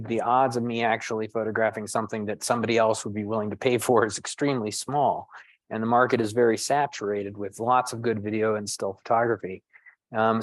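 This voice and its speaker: A man's voice: on the low side, no room sound, low-quality recording. A middle-aged man, a physician and storm chaser, talking thoughtfully at a panel discussion, self-deprecating and restarting his phrases often.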